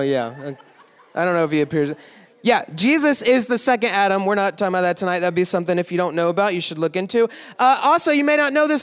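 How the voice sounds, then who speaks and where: A young man giving a joking youth sermon, teasing the crowd with quick asides in a large worship hall. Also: extremely high pitch, fairly bright tone, clear, resonant tone. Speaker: youth pastor. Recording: echoey hall.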